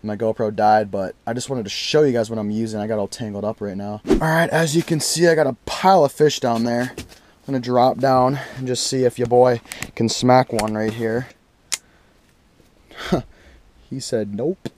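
Young man, excitable, slangy, loud exclamations, ice-fishing vlog, action camera, middle pitch. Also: normal speed, a little hiss or hum. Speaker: fishing vlogger. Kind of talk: excited play-by-play while fishing. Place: ice fishing on a frozen lake in deep cold.

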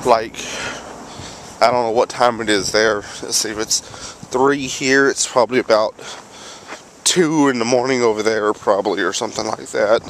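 A man with a medium-pitched, fairly bright voice vlogs at a moderate pace on a handheld camera. He rambles chattily and keeps correcting himself as he walks outdoors on a windy road by his home. Faint wind and passing cars are in the background.

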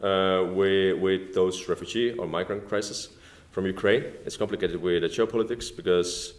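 A man from Estonia with an Estonian accent and non-native English, giving a speech at a formal dinner with many halting "like"s and "uh"s. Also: deep voice, fairly even intonation. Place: banquet room at a formal dinner. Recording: echoey dining hall.

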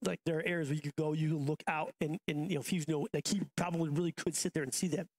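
A man's voice: on the high side, fairly even intonation, very fast, darkish tone. A man in his thirties, a pastor preaching a sermon in a casual, conversational way, often restarting and going off on asides. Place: church auditorium.

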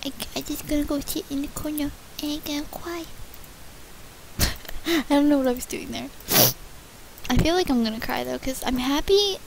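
A female channel host chatting excitedly and thanking viewers by name during a casual gift-opening vlog. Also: sits high, moderate pace, creaky, long pauses, very noisy.

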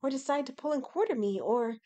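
Jittery young male farmer, fretful and talkative, a touch raised in pitch; woman reader voicing. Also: animated, a little fast, warm tone. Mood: panicked. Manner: anxious, rambling, fretful.

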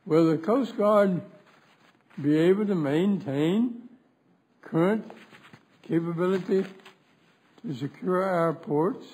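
A frail man gives a formal committee speech in a Senate hearing room. He talks very slowly and deliberately, repeating his points for emphasis. His voice is husky and mellow, and sits a touch high. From West Virginia. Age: 90s.

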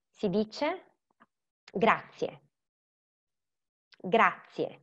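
A woman with an Italian accent gives an online beginners' lesson at a middle pitch. She talks patiently, repeats each word and quizzes the class. The sound is a little dull and lo-fi. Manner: patient, repeats words slowly and quizzes the learner. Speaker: language teacher.

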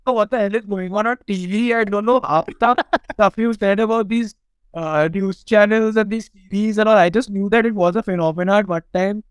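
This is a middle-aged man with an Indian English accent, telling stories on a podcast in a fairly high, smooth voice. He talks in an animated, irreverent way, swears freely and laughs often. The sound is dry and close. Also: fairly quick, no echo, rough recording. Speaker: film director guest. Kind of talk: casual podcast storytelling.

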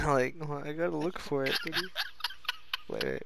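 A man's voice: on the high side, huge pitch swings, unhurried, vocal fry, very noisy. A man chatting casually, rambling, giggling and swearing as he talks. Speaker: friend chatting. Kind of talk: casual chat.

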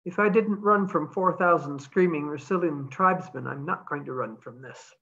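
A woman reading aloud, voicing a stubborn man who speaks calmly and firmly. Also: low voice, moderate pace, lo-fi sound. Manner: calm, stubborn. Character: stubborn man, steady soldier.

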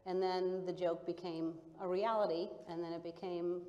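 A woman's voice: lowish voice, moderate pace, highs cut off. Joking woman at a press panel. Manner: relaxed, joking. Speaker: voice actor on a panel. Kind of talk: press conference answers. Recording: long hall reverb.

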